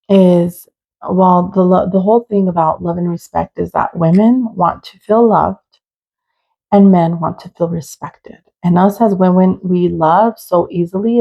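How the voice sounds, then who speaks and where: A woman's voice: lowish voice, creaky, slightly rough, lo-fi sound. A young adult woman hosting her own podcast, talking earnestly and openly in a personal monologue with many "like" fillers. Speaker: podcast host.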